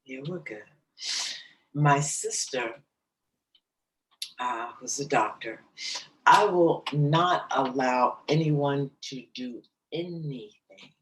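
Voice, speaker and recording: A woman guest in an interview, telling a personal story in a slow, halting, emotional way. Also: rumbling low, far from the mic, poor audio.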